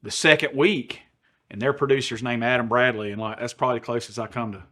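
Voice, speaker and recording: A man's voice: mid-range voice, fairly even intonation, quick pace, sharp tone. A middle-aged man with a Southern US drawl. He tells a rowdy, profane story as a podcast co-host and slips into the voices of the people he quotes. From American South. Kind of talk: animated storytelling.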